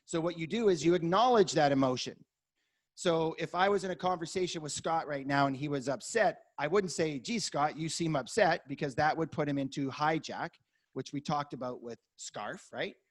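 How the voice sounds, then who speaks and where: A man coaching a workshop, energetic and acting out client conversations as examples. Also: a little high, moderate pace. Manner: energetic, acts out dialogue examples.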